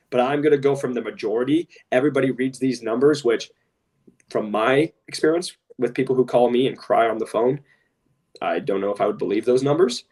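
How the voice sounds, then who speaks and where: A man's voice: mid-range voice, darkish tone, recorded from a distance. A man co-hosting a podcast in casual talk, blunt and impassioned, often saying "literally" and "straight up". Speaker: podcast co-host.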